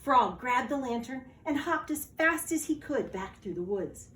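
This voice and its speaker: A woman, a teacher, reading a children's storybook aloud in a slow, expressive way. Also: high-pitched, echoey room, a little hiss or hum.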